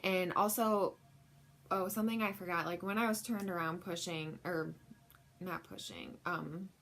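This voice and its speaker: A woman's voice: lowish voice, steady tone, a little slow, a bit bright. Young woman, casual vlog storyteller, candid and chatty, full of "like"s and "um"s. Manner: chatty and frank, filler-heavy with lots of "like". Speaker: vlogger.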